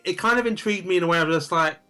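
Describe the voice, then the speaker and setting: A man's voice: high-pitched, rapid-fire, pushed and bright, clear, resonant tone, soft background music. A British man with a British accent, a guest chatting casually in an easygoing, agreeable way. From Britain. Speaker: co-host guest. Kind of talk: casual chat.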